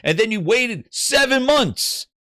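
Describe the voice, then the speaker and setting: A man hosting a gaming show, telling a story in casual livestream chat, animated and swearing. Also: extremely high pitch, slow, dry recording, clean studio sound. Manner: animated, swearing, acts out voices in anecdotes.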